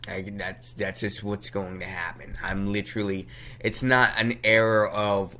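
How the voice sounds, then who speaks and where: Young dude venting on a vlog, repeats himself, flares up loud now and then. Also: male voice, fairly low pitch, fairly even intonation, moderate pace. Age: young adult. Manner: venting, frustrated, with sudden loud outbursts; slangy, repeats himself, laughs at his own jokes. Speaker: vlogger. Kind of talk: casual ranting monologue.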